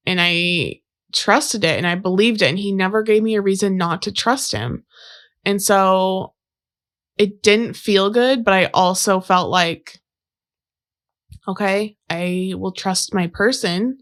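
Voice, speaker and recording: A woman's voice: mid-range voice, slow, long pauses, a bit bright. A young adult woman telling a personal story about a relationship in a casual, conversational way, with many fillers and quoted exchanges. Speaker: podcast guest.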